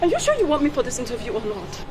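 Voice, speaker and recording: An actress playing a vain, haughty female celebrity who is quick to rage and insults people. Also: wildly swooping pitch, echoey room, a loud crowd. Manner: imperious, shrill and insulting when angry. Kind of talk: Nollywood film acting.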